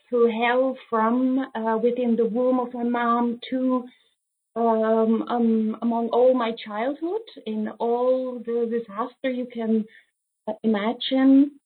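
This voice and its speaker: A woman in her fifties from Switzerland calls in, crying and speaking hesitantly, pausing often on fillers. Her voice is a little high and husky, and it comes through a thin phone line. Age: 50s. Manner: emotional, hesitant with many fillers. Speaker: caller. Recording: tinny phone-line audio.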